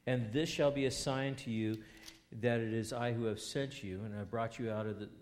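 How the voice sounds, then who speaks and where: A man preaching a sermon, reading scripture aloud and putting rhetorical questions to his listeners, swinging between loud emphasis and quiet asides. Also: medium pitch, steady tone, normal speed.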